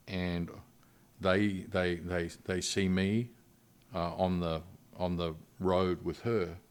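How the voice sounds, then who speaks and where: Middle-aged male missionary guest with a deep, low voice; earnest, halting storytelling. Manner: earnest, halting retelling with frequent restarts. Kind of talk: personal storytelling in a podcast interview.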